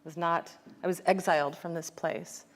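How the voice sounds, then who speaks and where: A woman's voice: lowish voice, fairly even intonation, normal speed. An American woman, an author, talking reflectively in an onstage conversation, with many fillers and restarts. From United States. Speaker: author guest.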